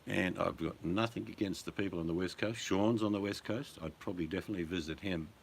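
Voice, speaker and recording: An older Australian man chatting casually, a rambling storyteller who chuckles and slips into loud put-on voices in his anecdotes. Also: low voice, quick pace, vocal fry, slight background noise. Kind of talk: casual chat.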